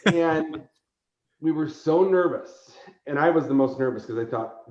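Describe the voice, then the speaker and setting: A man, a convention organizer appearing as a podcast guest, telling an animated story, laughing often and acting out quotes. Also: a little high, unhurried. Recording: roomy echo, dull lo-fi sound.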